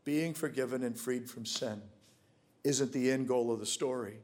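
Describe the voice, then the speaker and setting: A man preaching a sermon as a pastor, swinging from loud, emphatic declarations to hushed, intimate storytelling. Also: medium pitch, moderate pace.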